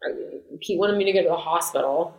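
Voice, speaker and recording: An American woman co-hosts a podcast, chatting casually and telling animated stories with frequent laughter. Her voice is fairly low and fast, and the recording has a roomy echo.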